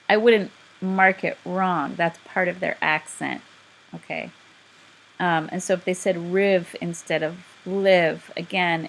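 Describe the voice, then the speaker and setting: A woman's voice: lowish voice, gravelly, fairly bright tone, poor audio. A woman teaching a class, explaining step by step in a patient, direct way. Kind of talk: instructional lecture.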